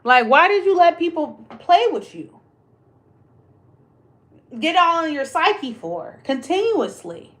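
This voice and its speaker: A woman's voice: very high voice, big pitch swings, slow pace, long pauses, a bit bright. A woman hosting a casual livestream chat, ranting in a blunt, emphatic way and swearing freely. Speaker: livestream host.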